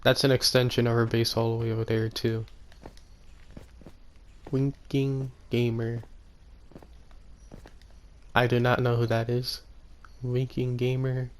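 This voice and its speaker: A man casually commenting on his own gameplay, rambling and correcting himself, often speaking quietly. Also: mid-range voice, flat delivery, slow pace, long pauses. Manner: rambling, self-correcting, soft-spoken. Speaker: gaming YouTuber.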